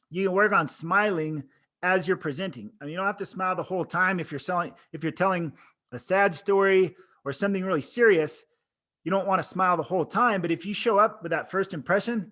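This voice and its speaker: A man's voice: sits high, a little fast, a bit bright. A man giving casual coaching talk to camera, demonstrating expressions and vocal tones as he teaches. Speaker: oral board coach. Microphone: camera framing, speaking to camera.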